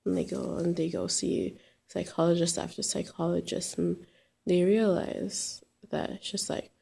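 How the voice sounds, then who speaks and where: A woman with a lowish, gravelly and husky voice tells a personal story in a loose, casual way. She rambles, with lots of fillers and restarts. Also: flat delivery, unhurried, dark tone.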